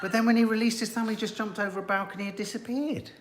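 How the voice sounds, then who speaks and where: A man's voice: high voice, fairly even intonation, quick pace, echoey room. A middle-aged man co-hosting a casual live chat about a TV drama, wry and laughing as he reads out his notes. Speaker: co-host of a live review show.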